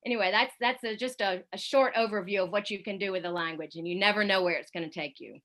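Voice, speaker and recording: Bright-voiced Southern American woman. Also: mid-range voice, fast. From South Carolina, USA. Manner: chatty, self-deprecating, many fillers and restarts. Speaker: guest speaker, radio correspondent. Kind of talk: casual talk to a student audience.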